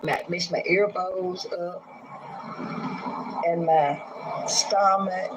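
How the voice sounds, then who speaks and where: A man in his sixties gives a halting, hesitant account full of pauses and restarts in a recorded interview. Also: high voice, steady tone, background noise. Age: 60s. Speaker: man recounting a police arrest.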